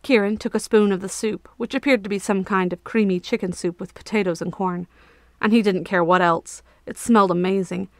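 A woman narrating a fantasy story as an audiobook, with a steady, expressive reading. Her pitch sits in the middle, and the recording is dry and close with no room sound. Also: fairly quick, no echo.

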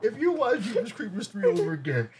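A man co-hosting a casual movie reaction, talking loud, laughing a lot and swearing as he acts out scenes. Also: high-pitched, very animated, quick pace, slight background noise.

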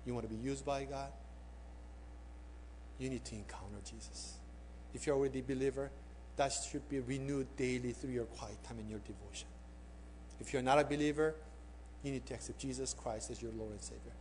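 A male pastor preaching a sermon. He tells a story and puts direct questions to his listeners, swinging between emphatic peaks and hushed appeals. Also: mid-range voice, fairly even intonation, brisk, pauses often, slight background noise.

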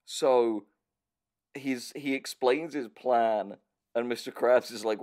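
Slow, unhurried man recapping a cartoon. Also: medium pitch, darkish tone. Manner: unhurried storytelling, laughs often. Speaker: podcast co-host. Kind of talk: comedic episode recap.

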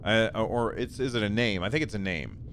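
A man's voice: lowish voice, fairly quick, fairly bright tone, a little hiss or hum. A man hosting a gaming video, reading a text game aloud and chatting, stumbling over words and joking about himself. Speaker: gaming channel host.

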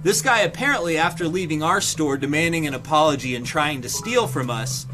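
A man's voice: on the high side, brisk, over music. A young man streamer telling a story casually, swearing and acting out quotes. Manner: animated, swearing, acts out quotes with laughs.

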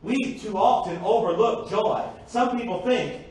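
A man's voice: sits high, unhurried, darkish tone. A man preaching a sermon to a congregation, asking rhetorical questions and slipping in joking asides. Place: church sanctuary. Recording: echoey church from far off.

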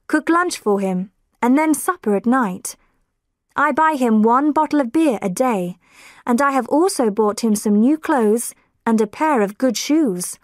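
A woman's voice: high-pitched, no room sound, clean studio sound, voice pushed up. A woman narrator voicing a young woman who earnestly pleads for help with a man claiming to be her father. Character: young woman worried about a false father.

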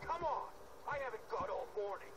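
A man's voice: sits high, lively intonation, fairly quick, background noise. A man voicing stern adult soldiers and officers in video game dialogue, impatient and commanding. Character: gruff adult male fantasy soldiers and officers. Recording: game audio under gameplay chat.

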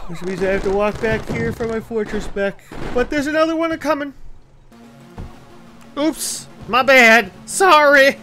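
A man commentating his own gameplay, excitable and profane, swinging between loud shouts and low mutters. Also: measured pace. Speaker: gaming video host. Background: game music.

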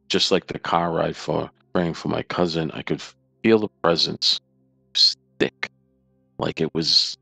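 A man with a very low, gravelly voice tells his personal faith story earnestly, circling back over the same points. The sound is dry and close. Faint music plays underneath. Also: fairly bright tone, no echo, low-quality recording. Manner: earnest, emotional, repetitive retelling. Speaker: near-death experience storyteller. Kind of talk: personal testimony.

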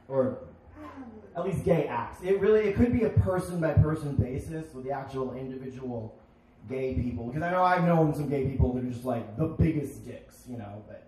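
A young man performing a stand-up comedy set on a bar stage, with deadpan punchlines and sudden shouted bits. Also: mid-range voice, normal speed. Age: young adult. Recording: echoey bar, crowd noise, distant. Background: crowd laughing.

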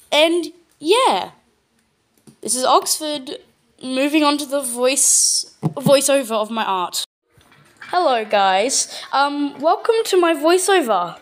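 A woman with an Australian accent casually narrating a showcase of her own artwork, stumbling over words and filling pauses with lots of ums. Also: high voice, expressive. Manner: hesitant, full of ums and repeated words. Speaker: channel owner.

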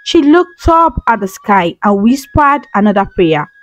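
A woman storyteller narrating a folktale in a calm, earnest scripted way. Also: mid-range voice, a little slow, no room sound, faint music behind, poor audio.

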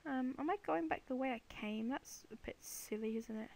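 A woman's voice: high-pitched, brisk, hardly any pauses. Playful woman gaming. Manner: chatty, playful, talks to the game's animals. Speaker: let's play gamer. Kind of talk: casual gameplay commentary.

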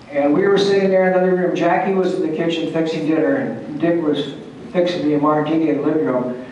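A man's voice: a little high, a little mellow, highs cut off, slight background noise. An older man, a retired Air Force pilot, telling folksy, salty stories with restarts and chuckles to a meeting audience. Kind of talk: casual storytelling to an audience. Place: large hall at a historical society meeting. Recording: distant, very echoey hall recording.

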